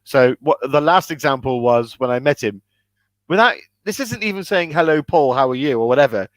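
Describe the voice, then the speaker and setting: A man's voice: medium pitch, animated, fairly quick, no room sound. A man co-hosting a casual comedy chat, telling wry, self-deprecating stories. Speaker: co-host.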